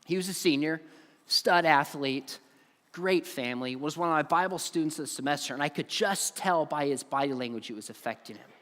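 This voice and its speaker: Earnest high-voiced man in a reverberant hall. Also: a little fast, fairly bright tone. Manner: earnest, emphatic, storytelling. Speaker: conference speaker. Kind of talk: earnest conference talk to students. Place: large conference hall.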